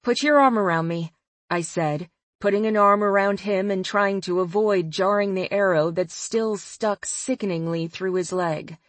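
A woman narrating a first-person audiobook in a measured, expressive way. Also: medium pitch, no echo.

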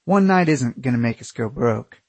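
A blunt young backpacker friend, as a man puts him on while reading a story, talking in loose, casual slang. The voice has a husky edge and a dry, close sound. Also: mid-range voice, expressive, normal speed, no room sound.

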